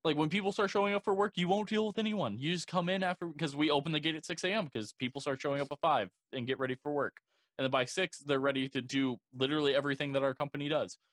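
A man's voice: fairly high pitch, fairly even intonation, fast, fairly bright tone, no echo, clean studio sound. A young man casually telling a work story as a security guard, blunt and profane, full of "like"s. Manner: profane, blunt, rambling with many "like"s. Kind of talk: casual podcast chat.

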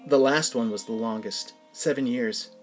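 A man voicing a chatty, motherly older woman who fusses gently over her passenger. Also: medium pitch, normal speed, soft background music, close to an everyday voice.

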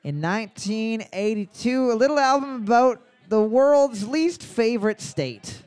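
A man's voice: very high voice, expressive, measured pace, darkish tone, smooth, no room sound. A man hosting a live trivia night, cracking jokes and repeating each question. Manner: joking, reads questions twice, swears freely. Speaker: trivia host.

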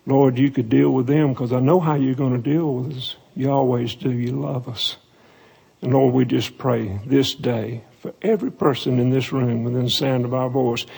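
A preacher man delivers an earnest, pleading sermon and prayer. His voice is gravelly and a little husky. He sounds sincere and heartfelt. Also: mid-range voice, fairly even intonation. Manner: earnest, pleading, drops to soft slow prayer. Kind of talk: sermon altar call and prayer.

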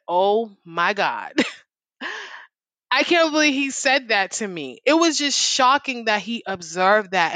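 A woman's voice: lowish voice, fairly bright tone, no echo. A woman speaking as a guest on a faith podcast, open and heartfelt, laughing easily.

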